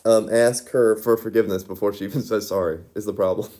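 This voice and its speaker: In a loose, rambling monologue, a man giggles a lot, fills his speech with "like", and keeps restarting his sentences. His low-ish voice is mellow and steady in tone, moving a little fast.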